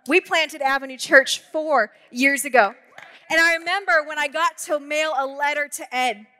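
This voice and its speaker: A woman pastor in her thirties preaching a sermon, telling stories with quick asides and humor. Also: sits high, sharp tone. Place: church auditorium. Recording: long hall reverb.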